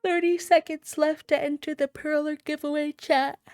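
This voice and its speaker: A woman's voice: high-pitched, level tone, normal speed, darkish tone, no echo, studio quality, faint music behind. A woman live streamer chatting casually and playfully with her viewers, breaking into sing-song countdowns.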